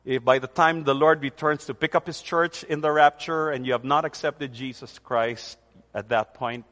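A high-pitched man preaching with emphatic force, stretching out key phrases slowly for weight. His voice carries a long reverb, as if in a large hall. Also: fairly bright tone. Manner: emphatic, with slow stressed phrases. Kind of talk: sermon.

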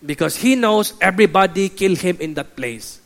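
A man's voice: high-pitched, expressive, normal speed, creaky, a bit bright, full character voice. A man doing a blunt, serious pastor. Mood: matter-of-fact. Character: blunt, serious male pastor, broken English.

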